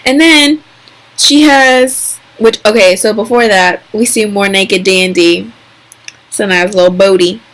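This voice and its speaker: A young woman talks through a TV episode recap in a loose, excitable vlog voice. She piles on fillers and slips into quick, exaggerated impressions of the characters. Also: mid-range voice. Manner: chatty and excitable, full of fillers and "like".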